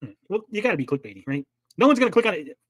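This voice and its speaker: Fast-talking heated male stream host. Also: sits high, very animated, dry recording. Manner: heated, argumentative, swears a lot. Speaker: livestream commentary host. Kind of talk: casual profane stream commentary.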